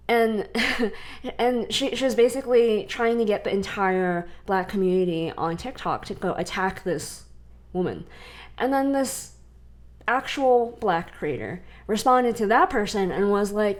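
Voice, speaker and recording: A young adult woman from the US West Coast, co-hosting a podcast in casual chat, animated and laughing between points. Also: on the high side. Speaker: podcast co-host.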